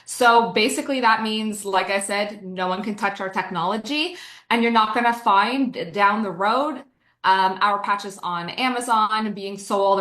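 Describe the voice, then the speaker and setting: A woman's voice: mid-range voice, a bit bright, echoey room. A woman from Canada giving an enthusiastic sales presentation, talking with lots of "um"s and "so"s. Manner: enthusiastic, many fillers. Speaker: business presenter. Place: online presentation.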